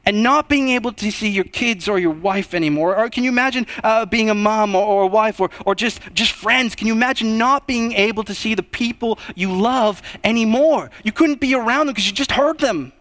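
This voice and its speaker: A young man delivers a sermon with a noticeably high voice. He moves from quiet, drawn-out passages to raised, emphatic stretches. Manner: expressive, swings between hushed and raised delivery. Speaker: preacher.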